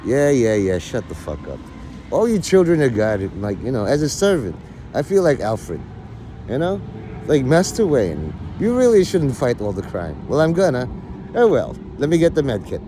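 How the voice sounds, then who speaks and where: A man's voice: medium pitch, very animated, moderate pace, warm tone, a little hiss or hum. A middle-aged man livestreaming, rambling in crude, mock-bossy rants at his viewers. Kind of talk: casual rant chat.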